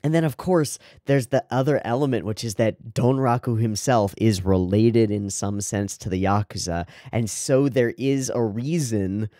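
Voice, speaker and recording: Low-voiced man in casual commentary. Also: moderate pace, hardly any pauses, mellow, no echo, studio quality. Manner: enthusiastic, rambling, heavy use of "like" and "right?". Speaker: anime reaction host. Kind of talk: casual commentary on an anime episode.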